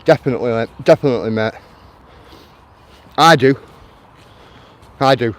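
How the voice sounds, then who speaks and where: This is a casual walking live stream by a man from Lancashire, England, speaking at normal speed in a mid-range voice. Outdoors in a town near traffic, he replies to viewers' comments and addresses them as mate.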